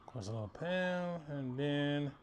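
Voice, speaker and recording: A man's voice: a little high, lively intonation, unhurried, a little hiss or hum. Chatty man hosting a grilling video. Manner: chatty, joking asides to viewers. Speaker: cooking channel host. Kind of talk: casual cooking demonstration.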